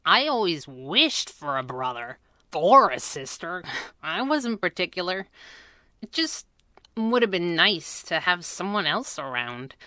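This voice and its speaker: Woman voicing a sheepish young boy, hesitant, eager to please, lively pitch. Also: measured pace, dry recording, clean studio sound, heavily acted. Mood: wistful.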